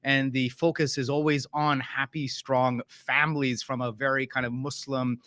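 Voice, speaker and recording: A man's voice: medium pitch, little pitch movement, normal speed, sharp tone, no room sound. A man from the Toronto area, hosting a live talk show in a chatty, joking way with plenty of fillers. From Canada (Toronto area). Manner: chatty, jokey, lots of fillers. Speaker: host.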